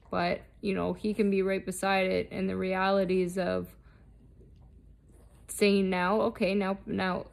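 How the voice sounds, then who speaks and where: A woman's voice: lowish voice, gravelly, a little mellow. A woman delivering an unscripted, impassioned monologue, blunt and heavily profane, intense and defiant. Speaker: vlogger.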